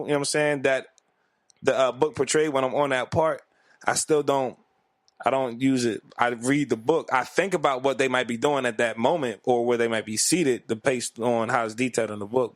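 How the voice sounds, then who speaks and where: A man's voice: medium pitch, steady tone, moderate pace, no echo. Blunt, profane man co-hosting a podcast. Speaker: podcast co-host. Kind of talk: casual chat.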